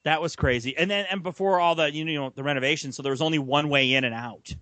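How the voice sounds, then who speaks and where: A man's voice: fairly high pitch, fast talker, no room sound. A young man co-hosting a casual sports podcast, telling stories with laughter. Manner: animated storyteller, laughs while telling stories. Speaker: podcast co-host.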